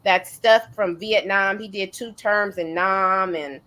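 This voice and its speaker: A middle-aged woman hosting a casual chat, telling family stories in a relaxed way with fillers and restarts. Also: mid-range voice, slow pace. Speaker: host.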